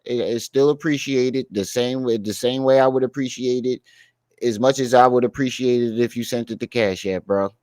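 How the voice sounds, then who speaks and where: A man's voice: medium pitch, steady tone, normal speed, darkish tone, no room sound, clean studio sound. A man hosting a reaction show, commenting on clips in a mocking, slangy way.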